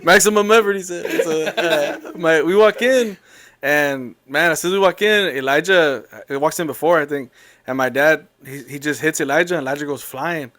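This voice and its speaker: A man telling a long family story in a casual, rambling, animated way. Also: a little high, moderate pace.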